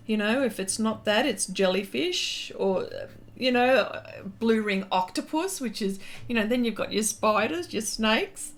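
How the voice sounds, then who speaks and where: A woman's voice: on the high side, unhurried, a bit bright. An Australian woman hosting a casual art livestream, chatting and reading viewer comments aloud with lots of fillers and laughter.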